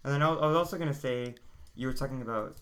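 A man's voice: medium pitch, quick pace, fairly bright tone. A man co-hosting a casual podcast, telling rambling stories full of fillers and restarts. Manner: rambling, filler-heavy storytelling. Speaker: podcast co-host. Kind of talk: casual chat.

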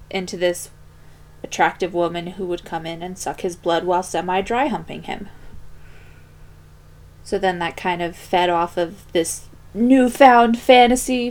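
A woman co-hosting a casual movie review chat, blunt and teasing with a sarcastic edge. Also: lowish voice. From Philadelphia. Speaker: podcast co-host.

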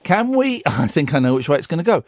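A combative talk radio host with a high, lively voice that swings all over. His tone is husky and the studio sound is close and dry. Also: fast, dry recording. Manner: combative, sarcastic, threatening. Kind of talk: late-night talk radio.

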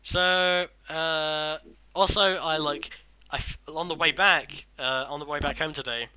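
Sweary young man, bright voice. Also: a little high, fairly even intonation, a little slow, smooth, dry recording, poor audio. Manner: rambling, sweary, restarts sentences. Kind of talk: casual chat.

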